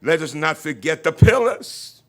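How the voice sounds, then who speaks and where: A man's voice: a little high, big pitch swings, measured pace. A man giving an invocation at an outdoor event, praying fervently and leading the crowd in call-and-response lines. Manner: fervent, rising to near-shouts, leads crowd responses.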